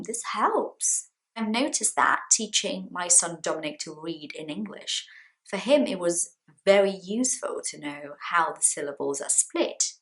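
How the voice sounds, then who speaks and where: A woman's voice: fairly low pitch, fairly bright tone, poor audio. A woman in her thirties, a native Portuguese speaker, teaching English pronunciation in a casual monologue, repeating and drawing out example words. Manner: demonstrates words slowly and repeats them.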